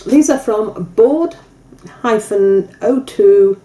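A woman's voice: mid-range voice, takes it slowly, warm tone. A woman co-hosting a casual e-liquid review, teasing her partner with dry humour and tripping over words now and then. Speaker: co-host.

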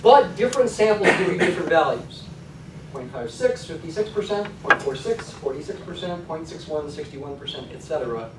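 A man's voice: on the high side, lively intonation, a little fast, slight background noise. A male college statistics lecturer giving a classroom lecture, conversational and checking in with "okay?" often. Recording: echoey classroom from a distance.

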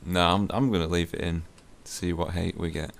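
A man's voice: deep voice, fairly even intonation, a little fast, creaky. Jokey young gamer guy. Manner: jokey, playful banter with sudden squeals. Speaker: co-host gamer. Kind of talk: casual gaming chat.

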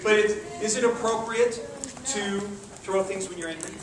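A man, a martial arts instructor, giving an energetic call-and-response talk to children at a school assembly, coaxing them to repeat phrases. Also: high voice, normal speed. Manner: energetic, coaxing, asks questions and has the kids repeat phrases. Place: large echoey room such as a school gym. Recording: echoey hall from far off with kids' noise. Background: children's voices and room noise.

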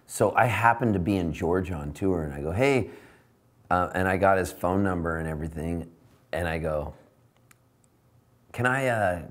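A man with a deep voice tells a rambling, animated anecdote backstage. He talks casually and loosely, like in a relaxed interview. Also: fairly quick. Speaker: singer-songwriter telling a backstage story. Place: backstage at a tavern venue.

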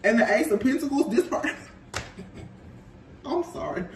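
A man giving a casual tarot reading in a gossipy, animated way, often breaking into laughter. The sound is roomy and taken from a distance with a faint hiss. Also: very high voice, a little slow. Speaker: tarot reader.

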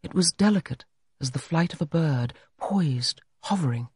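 Expressive male narrator, lively pitch. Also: normal speed, a little hiss or hum. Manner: expressive, dramatic reading. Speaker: audiobook narrator. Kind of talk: scripted narration.

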